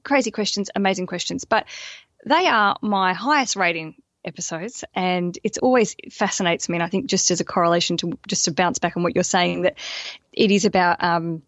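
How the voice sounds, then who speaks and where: A woman's voice: fairly low pitch, a little fast, no room sound. Aussie woman on a podcast, jokey and rambly, dry dull-sounding audio. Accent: Australian. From Australia. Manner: lively, joking, self-deprecating, rambling with restarts. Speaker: podcast guest, wedding business owner. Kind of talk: casual podcast interview.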